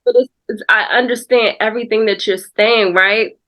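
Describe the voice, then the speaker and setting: A woman's voice: on the high side, fairly even intonation, normal speed, a bit bright. A woman guest on a faith podcast, speaking in a reflective, testimonial way and calling the host "girl.". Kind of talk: casual faith podcast conversation.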